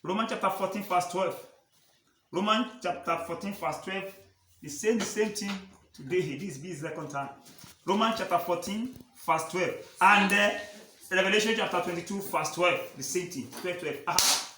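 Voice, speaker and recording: A man preaching a sermon as pastor, calling out questions for the congregation to answer and swinging between loud shouting and quiet talk. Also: sits high, normal speed, slight background noise. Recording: echoey hall from far off.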